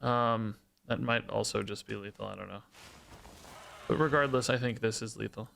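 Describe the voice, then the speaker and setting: A man's voice: on the low side, steady tone, moderate pace, gravelly, fairly bright tone, a little hiss or hum. A man streaming a card game, thinking aloud, questioning himself and joking between plays. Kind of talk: live-stream gameplay commentary.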